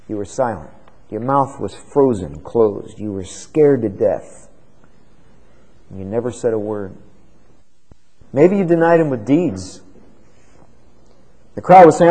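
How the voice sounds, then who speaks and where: A man preaching an expository sermon, dramatic, swinging from loud emphasis to hushed tones. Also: mid-range voice, sing-song, unhurried, rough recording.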